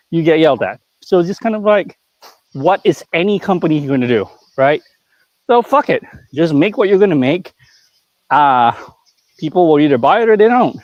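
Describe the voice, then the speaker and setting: Casting note: a man with a slightly high voice, a blunt, cursing live-stream host, dry close sound. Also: darkish tone, no room sound, highs cut off. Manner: blunt, profane, ranting. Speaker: figure store owner and stream host. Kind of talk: casual live-stream chat.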